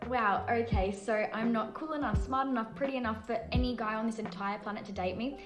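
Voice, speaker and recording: A woman speaks in short social media clips, earnest and opinionated as she complains about dating and unfairness. Her voice sits a little high. Faint music plays behind her. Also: fairly quick. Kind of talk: confessional social media monologue.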